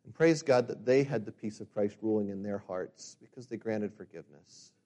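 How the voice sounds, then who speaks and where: A middle-aged man preaching a sermon as a pastor. He builds to loud, emphatic peaks and then drops to quiet, reflective passages. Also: on the low side. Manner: reads scripture slowly and forcefully.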